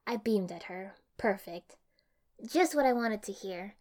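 A young woman reading fan fiction aloud in an expressive, even storytelling manner. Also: medium pitch, unhurried. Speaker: audiobook reader.

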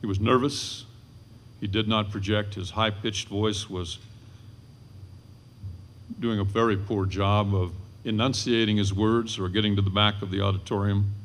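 An older man giving a storytelling history lecture to an audience, dramatic and swelling at the high points. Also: level tone, normal speed.

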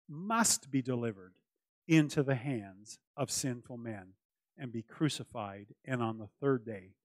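A pastor preaches a sermon in an earnest, emphatic way, returning again and again to his key phrases. His voice is an ordinary middle pitch and a little mellow. The recording is close and dry, with little room sound and no echo.

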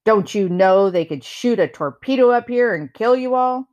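A woman's voice: fairly high pitch, expressive, moderate pace, darkish tone, muffled recording, pitched above the performer's own voice, natural voice. A woman voicing a stern army officer who growls a warning in a storybook reading.

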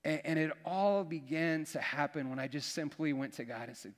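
A man's voice: fairly high pitch, normal speed. A man preaching as a pastor, earnest and folksy, often restarting his words. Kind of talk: sermon. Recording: long hall reverb.

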